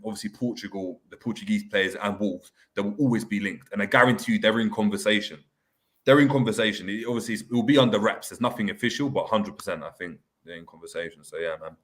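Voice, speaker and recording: On a casual live stream, a young man from London with a lowish, slightly bright voice chats in rapid slang while reading out what viewers have written.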